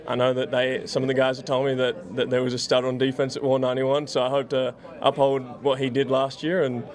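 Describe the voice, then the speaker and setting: A young man from Australia with an Australian accent, a football punter being interviewed, who talks haltingly with many fillers. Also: mid-range voice, flat delivery. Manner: halting, lots of fillers and restarts.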